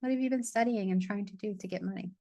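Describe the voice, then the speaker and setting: A woman's voice: medium pitch, fast talker, gravelly, mellow, dry recording. A woman leading a money masterclass over a video call, chatting casually, laughing, swearing and losing her train of thought. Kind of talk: casual live online class.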